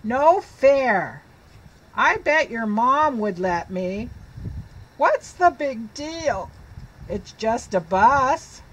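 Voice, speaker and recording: A woman voicing a pushy young male pigeon who begs to drive, loud and drawn out. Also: fairly high pitch, sing-song, drawn-out words, full character voice, poor audio. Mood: begging.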